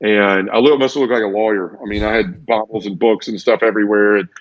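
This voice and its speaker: The lo-fi recording captures a man with a fairly low, fairly even voice speaking a little fast as he earnestly and emotionally testifies about his conversion. He often repeats himself and dramatizes the voices he quotes.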